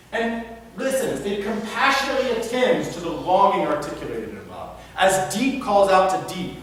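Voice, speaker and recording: A man, a philosophy professor, giving a live lecture in a hall and often checking that the audience follows. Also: high-pitched. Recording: echoey hall, distant mic, faint noise.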